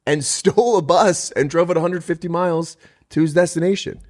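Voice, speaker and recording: A man hosting a casual comedy podcast, upbeat and quick, laughing often. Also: on the high side, steady tone, darkish tone. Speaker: podcast host.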